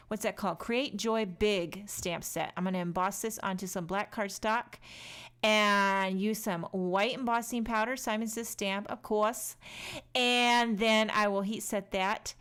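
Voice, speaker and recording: A woman's voice: mid-range voice, a bit bright, smooth. A woman in her thirties chatting through a craft tutorial voice-over, joking and talking straight to viewers. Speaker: card-making crafter.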